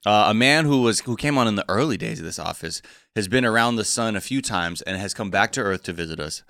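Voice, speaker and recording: A man's voice: on the low side, animated, fast talker, creaky, a bit bright, no echo, studio quality. A man hosting a casual comedy podcast, loose and playful, swearing freely. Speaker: podcast host.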